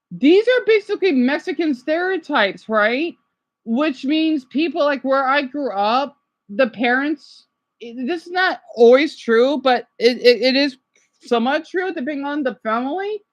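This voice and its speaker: A woman with a high voice talks through a livestream in a loose, chatty way. She reacts to what she watches and keeps checking in with "right?". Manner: chatty, frequent "right?" tags. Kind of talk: casual reaction commentary.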